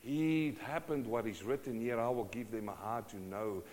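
A male preacher giving a sermon, swinging from hushed to loud and asking the congregation question after question. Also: mid-range voice, normal speed, a little hiss or hum. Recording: long hall reverb.

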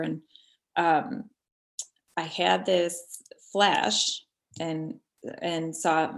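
A middle-aged woman recounting a personal story as an interview guest, halting and tender with many pauses and restarts. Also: lowish voice.

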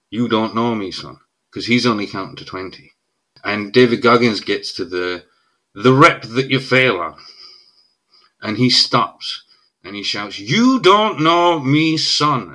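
A man's voice: fairly low pitch, bright, forceful tone. A middle-aged Irish man, a guest in a casual podcast conversation, explaining a point emphatically and checking in with "right?". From Ireland.

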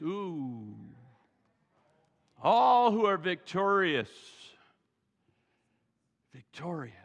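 A pastor preaching a sermon in a church, animated and folksy, with joking asides, on a worn mic. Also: male voice, a little high, gravelly, highs cut off. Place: church sanctuary. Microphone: wearing a mic. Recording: reverberant church hall.

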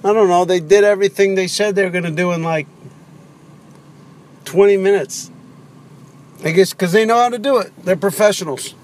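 A man's voice: high-pitched, normal speed, long pauses, darkish tone. A man hosting a solo podcast from his car, rambling in a sarcastic, self-mocking rant. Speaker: podcast host. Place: in a car while driving. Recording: car with road noise behind.

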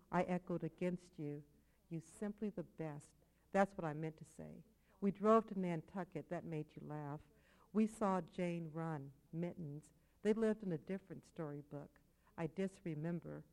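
A woman poet giving a live reading of her own work, with measured delivery and quiet, dropped asides. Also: on the low side, poor audio. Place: poetry venue with audience.

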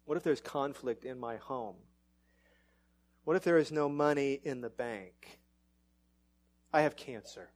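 A middle-aged man preaching a sermon as pastor, animated and self-mocking, his voice climbing when excited. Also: mid-range voice, a little slow, pauses often.

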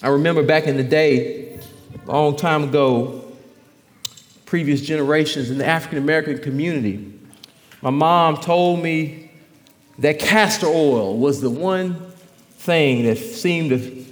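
A man preaching a sermon as pastor, emphatic and repetitive, his voice swelling at times to a shout. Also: on the high side, big-room sound.

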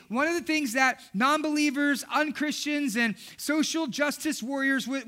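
Young man, pastor, sermon, very high voice, bright, lively delivery. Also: moderate pace, hardly any pauses. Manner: animated, acts out his daughters' voices.

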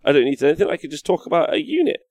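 Excitable man streaming, gravelly voice. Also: on the high side, racing, dry recording. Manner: excitable, swears, reads out chat comments. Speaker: livestream host. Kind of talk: casual live-stream chat while painting.

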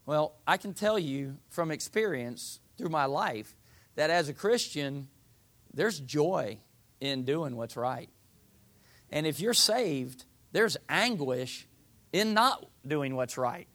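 A man's voice: fairly high pitch, expressive, takes it slowly, a bit bright. A man preaching a sermon in a folksy, conversational way, reading scripture and acting out what people say. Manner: folksy, uses voiced asides for the people.

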